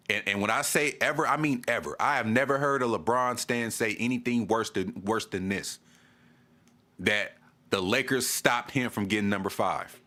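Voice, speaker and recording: A man's voice: lowish voice, normal speed, sharp tone. A man vlogging a fan rant, exasperated, repeating himself and stammering as he restarts. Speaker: sports vlogger. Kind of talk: ranting fan commentary to camera.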